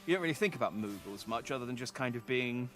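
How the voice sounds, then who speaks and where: A man's voice: medium pitch, animated, fast, a bit bright, faint music behind. A man streaming as a VTuber, chatting casually through a game and often correcting himself mid-sentence. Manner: rambling, self-correcting, chatty. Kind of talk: casual gameplay commentary.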